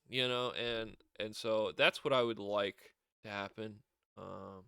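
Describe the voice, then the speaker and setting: A man's voice: lowish voice, fairly even intonation, slow pace, gravelly, bright, forceful tone, clean tone, dry recording, studio quality. A man giving a rambling, casual recap as a show reviewer, often acting out quotes. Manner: rambling, acts out wrestlers' lines in raised voice.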